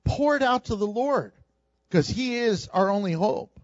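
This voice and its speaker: A man preaching a sermon, animated and humorous, acting out the people in his story. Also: high-pitched, a little slow, dry recording, highs cut off. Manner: animated preaching, acts out quoted voices with humor. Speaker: pastor.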